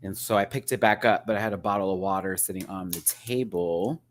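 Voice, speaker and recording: A man's voice: low-pitched, fairly quick, slight background noise. A man giving a casual ranting review from his home desk, exasperated and chatty, laughing often. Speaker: YouTube reviewer. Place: home desk with ring light.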